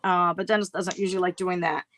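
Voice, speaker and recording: A woman's voice: on the low side, little pitch movement, fast talker, fairly bright tone. A middle-aged woman telling a story on a casual livestream chat, acting out her own past voices. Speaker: co-host.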